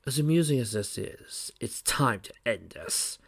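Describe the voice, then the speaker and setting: A man's voice: mid-range voice, expressive, a little slow, vocal fry, slightly rough, no echo, full character voice. A man voicing a smug, condescending villain who is a former noble.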